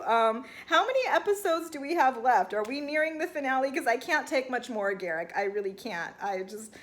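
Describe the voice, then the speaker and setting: Young woman vlogger, kinda high voice, chatty and snarky, talking right to her viewers. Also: a bit bright. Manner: chatty, sarcastic, talks straight to viewers. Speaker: reality TV recap vlogger. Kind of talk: casual chat.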